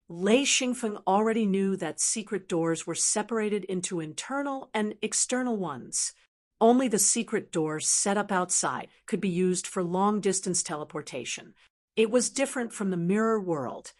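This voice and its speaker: A woman narrating a fantasy audiobook in an even, steady reading voice. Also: medium pitch, unhurried. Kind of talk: scripted narration.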